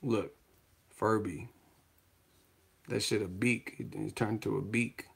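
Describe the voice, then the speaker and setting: A man hosting a live show, talking casually with a profane, animated manner and frequent laughter. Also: on the low side, slow, gravelly, breathy edge. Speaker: host.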